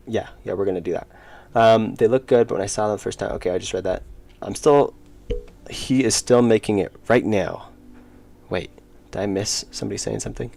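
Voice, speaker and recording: A man's voice: fairly low pitch, gravelly, a little mellow. A young man streaming his indie game work, rambling casually and reading chat aloud with self-deprecating jokes. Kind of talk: casual live-stream chat while working.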